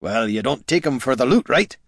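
A man doing a gruff hungover dwarf. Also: lively intonation, brisk, no echo, studio quality. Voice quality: growling, low.

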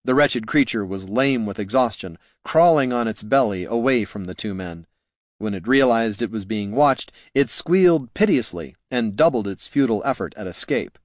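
A man's voice: on the low side, lively intonation, moderate pace, no echo, clean studio sound. Wry male audiobook narrator.

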